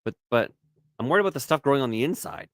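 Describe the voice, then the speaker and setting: Man, 30s, podcast co-host; loose, swearing, stop-start rambler, lively pitch. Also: very fast, dry recording, clean studio sound. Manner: rambling, profane, restarts words often. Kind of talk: casual podcast banter.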